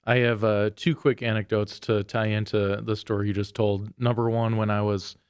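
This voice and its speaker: A man's voice: fairly low pitch, level tone, moderate pace, smooth, no room sound, studio quality. A man hosting a podcast, chatting casually and reacting attentively to his guest. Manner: attentive, laughs along, brief reactions. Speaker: podcast host. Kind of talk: casual interview chat.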